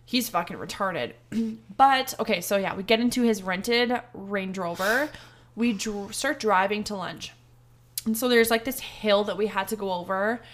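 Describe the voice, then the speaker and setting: A young woman co-hosts a casual podcast, recounting a disastrous trip with lots of swearing. She gets animated when quoting people. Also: medium pitch, a little slow. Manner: animated, swearing, quotes people in heated voices. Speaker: podcast co-host. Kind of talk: casual storytelling chat.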